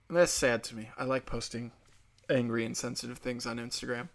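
A man's voice: mid-range voice, steady tone, brisk, vocal fry. A man hosting a podcast alone, ranting crudely and sarcastically, often mocking other people's voices. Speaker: podcast host. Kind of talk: solo podcast rant.

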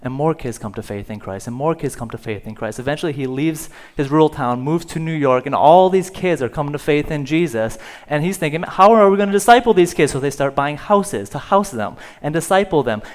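A man's voice: on the high side, animated, brisk, hardly any pauses, darkish tone. A male pastor telling a story in a sermon. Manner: storytelling, rising in volume for dramatic moments. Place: church sanctuary.

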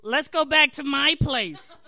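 A man voicing a crude young woman with a raspy, old-lady voice, read aloud at a comedy show. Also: very high voice, expressive, slow pace, pushed and bright, a little hiss or hum, voice pushed up, heavily acted. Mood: dismissive.

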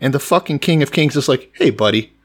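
A man's voice: fairly high pitch, fast, breathy edge. A man co-hosting a casual, profane chat, retelling scripture in slangy paraphrase. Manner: animated, swears freely, paraphrases scripture in slangy voices. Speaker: podcast co-host.

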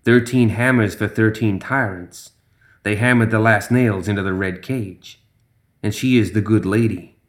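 A man's voice: on the low side, measured pace, natural voice. A man voicing a sinister, hissing female creature who gambles greedily and repeats herself slyly. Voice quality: hissing, sly repetitions.

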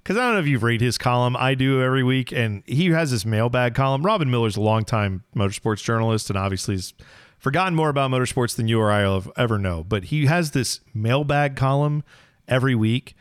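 A man's voice: mid-range voice, expressive, a little fast, no room sound, clean studio sound. A man co-hosting a racing podcast in casual chat, bantering with mock outrage. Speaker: podcast co-host.

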